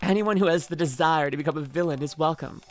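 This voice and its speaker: A woman's voice: low-pitched, fast talker, soft background music, natural voice. A woman reading aloud as a scheming woman villain recruiter from a game story, keeping close to her own voice. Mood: gleeful.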